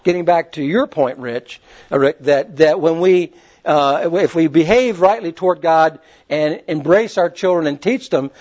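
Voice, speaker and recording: A man leads a Bible class in a fairly high voice. He talks in a folksy, rambling way and often restarts his sentences. The recording is dull and lo-fi. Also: darkish tone. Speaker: Bible teacher. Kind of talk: conversational Bible class teaching. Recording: muffled lo-fi recording.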